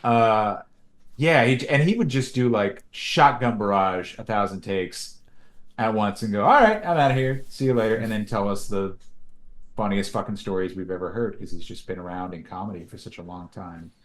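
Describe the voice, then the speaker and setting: Guy in his 30s telling funny work stories, lowish voice, laughs a lot, jumps up high when quoting people. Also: normal speed, roomy sound. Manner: animated storytelling, laughs often, swoops up high for quoted voices. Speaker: animation creator and voice actor, guest. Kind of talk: casual interview chat.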